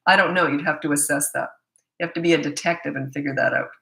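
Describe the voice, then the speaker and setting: A woman's voice: deep voice, fairly even intonation, fast talker, creaky, a bit bright, reverberant. A middle-aged woman, a parenting coach, answering viewer questions in a chatty, blunt way with self-deprecating asides. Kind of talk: casual live Q&A.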